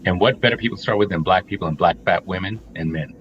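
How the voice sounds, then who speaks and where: A man's voice: deep voice, fast, lo-fi sound, a little hiss or hum. A middle-aged man co-hosting a reaction talk, emphatic and blunt, laying out his points one by one. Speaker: co-host. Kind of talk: opinionated reaction commentary.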